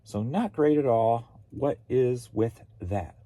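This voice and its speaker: A man's voice: mid-range voice, takes it slowly, mellow, no room sound. A man from Missouri, a reselling vlogger with a sore throat, chatting in a rambling, wry way. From Missouri, USA. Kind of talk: casual vlog chat.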